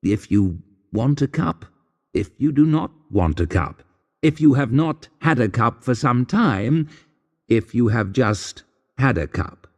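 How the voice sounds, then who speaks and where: A man reading a humorous graded-reader story aloud in a dry, wry, deadpan narration. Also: medium pitch, slow pace, in a large hall. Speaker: audiobook narrator.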